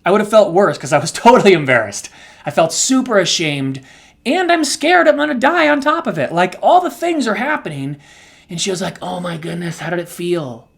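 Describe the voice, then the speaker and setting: A middle-aged man co-hosting a podcast, talking candidly and emotionally, his voice swinging between soft and loud. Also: sits high, sing-song, a little fast, gravelly. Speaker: co-host.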